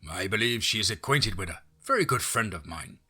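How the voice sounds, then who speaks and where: Guy reading as a polite old gent, formal and measured, husky sharp voice, faint music behind. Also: fairly low pitch, expressive, full character voice. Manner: courteous, measured. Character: polite formal older man visitor.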